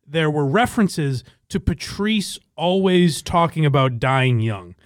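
A man's voice: on the high side, animated, a little slow, no room sound, clean studio sound. A man hosting a podcast in casual chat, rambling with fillers, swearing and laughing. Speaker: podcast host.

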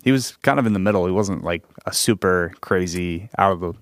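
A man's voice: sits low, a little fast, no echo. A man co-hosting a golf betting podcast, talking in a dry, matter-of-fact, laid-back way. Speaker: podcast co-host, golf tipster. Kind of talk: casual golf betting chat.

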